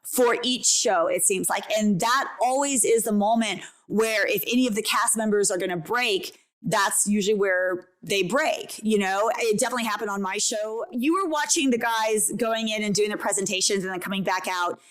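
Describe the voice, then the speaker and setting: Brief: woman host, middle pitch, relaxed chatty interviewer. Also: moderate pace. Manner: conversational, asks probing questions. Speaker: podcast host, former reality show star. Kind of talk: casual interview.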